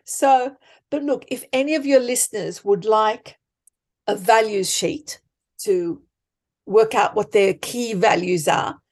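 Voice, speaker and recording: A woman life coach, speaking emphatically and deliberately as a podcast guest. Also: medium pitch, a little mellow. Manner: emphatic, deliberate, acts out example thoughts. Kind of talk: conversational coaching talk.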